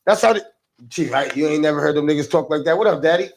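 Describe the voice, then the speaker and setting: Brief: gravelly New man, podcast co-host, animated storyteller who slips into impressions, voice sits a bit high. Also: fast, a little hiss or hum. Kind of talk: casual livestream podcast banter.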